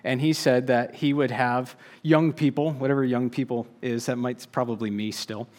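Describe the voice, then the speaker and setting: Earnest male preacher, measured and emphatic. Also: mid-range voice, steady tone, darkish tone. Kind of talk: sermon.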